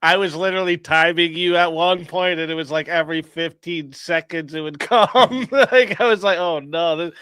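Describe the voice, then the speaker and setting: Bright, smooth-voiced man, laughing along. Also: on the high side, moderate pace, hardly any pauses, no echo. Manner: laid-back, laughs often while talking. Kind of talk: casual chat.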